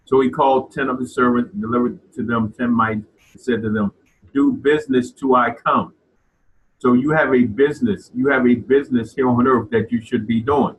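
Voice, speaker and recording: A man's voice: medium pitch, steady tone, moderate pace, a little hiss or hum, poor audio. A man preaching a sermon, often repeating words as he builds his point.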